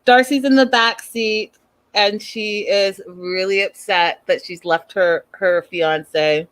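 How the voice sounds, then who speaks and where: Brief: animated, sassy female host, casual slangy recap, mid-pitched voice. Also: slow pace.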